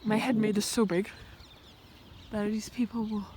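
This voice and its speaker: A woman's voice: medium pitch, fairly even intonation, moderate pace, dark tone, slight background noise. A woman talking to her camera on a countryside hike, thinking aloud in a rambling way and often dropping to a whisper. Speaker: vlogger. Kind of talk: reflective walking vlog. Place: outdoors in the countryside by a fence. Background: birds and sheep in the open air.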